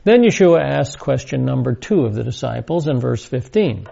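Male Bible teacher, mellow and gravelly, deliberate and emphatic lecture delivery, muffled lo-fi recording. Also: mid-range voice, very animated. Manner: deliberate, emphatic, repeats key words.

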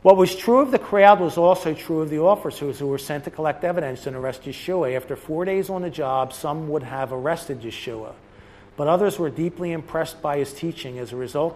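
A man's voice: fairly high pitch, a little mellow, slight background noise, low-quality recording. A man teaching a Bible study, reading passages aloud and breaking off to explain them in his own words, with restarts and asides.

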